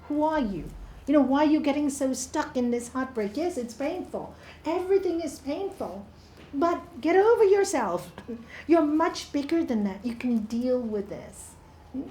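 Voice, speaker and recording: Woman speaker, high mellow voice, unhurried, roomy studio sound. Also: a little hiss or hum. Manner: soft, unhurried, hushed in the meditation parts. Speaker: spiritual speaker. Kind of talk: informal inspirational talk. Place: yoga studio.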